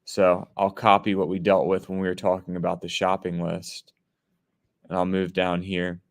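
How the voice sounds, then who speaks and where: A man leads a coding lesson with a somewhat low voice. He explains each step patiently and keeps checking that his students follow along. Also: completely flat delivery, moderate pace. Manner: step-by-step explaining, often checking in with "right?" and "okay?". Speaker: programming teacher. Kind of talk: screen-share coding lesson.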